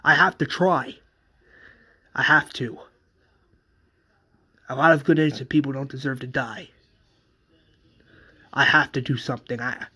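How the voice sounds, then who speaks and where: A man voicing a determined young male speedster hero, earnest and halting. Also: medium pitch, steady tone, bright, forceful tone, slightly rough.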